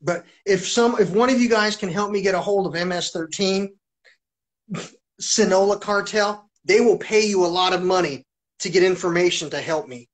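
A man's voice: high-pitched, moderate pace. A man hosting a live stream, telling a long story in an agitated, profane ramble and repeating himself.

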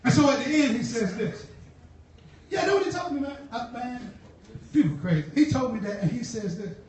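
A woman preaches in church, telling stories in conversational slang and fervently repeating key lines, with shouting bursts and laughs. Her fairly high voice has lively intonation and a moderate pace. Captured from a distance in an echoey hall, the audio carries a little hiss or hum.

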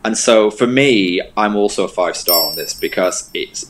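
Lowish voiced guy co-hosting a movie review, chatty and excited, says things twice. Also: moderate pace, a little hiss or hum, low-quality recording. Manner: enthusiastic, repeats words for emphasis. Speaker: film review co-host. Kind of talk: casual chat.

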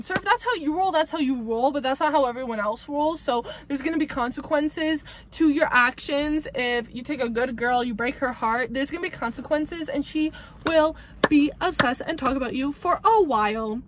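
A young woman with a high, bright-pitched voice vents in a casual advice monologue, blunt and profane. She hammers her points home by repeating them. A faint hiss of noise sits under her voice. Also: normal speed. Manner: blunt, emphatic and profane, ranting with repetition. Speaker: vlogger giving breakup advice.

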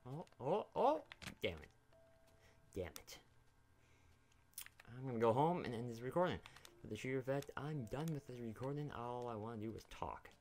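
A man's voice: medium pitch, sing-song, moderate pace, long pauses, a little mellow. A young man giving casual, rambling commentary while playing a video game, swearing freely and talking to the characters on screen. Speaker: gaming YouTuber.

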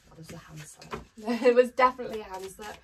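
A woman's voice: on the high side, fast talker, darkish tone. A woman chatting casually to camera as a tarot reader, upbeat with frequent ums. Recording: distant mic with faint noise.

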